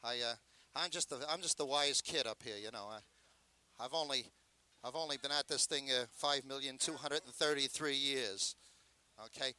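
An older man, a carnival talker and pitchman, on a festival stage with a handheld mic, switching between loud joking sales patter and chatty stories. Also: fairly even intonation, normal speed, clear, resonant tone. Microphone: handheld microphone.

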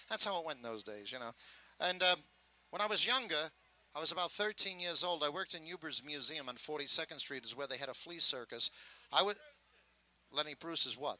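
An older man telling stories in a gruff, rambling, wisecracking way about his years as a sideshow showman. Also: on the high side, a little fast, pushed and bright, no room sound, low-quality recording. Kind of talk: casual storytelling.

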